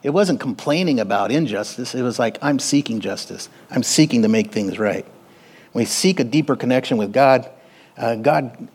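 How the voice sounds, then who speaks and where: A man preaching a sermon in a church, animated, swinging between quiet and loud and calling on the congregation. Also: medium pitch, husky. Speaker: pastor. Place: church sanctuary.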